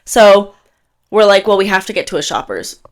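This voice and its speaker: A woman in her twenties from Canada, co-hosting a podcast in casual chat, telling an animated story and acting out what people said. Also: medium pitch, normal speed. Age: 20s. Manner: animated storytelling, acts out quotes. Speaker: podcast co-host.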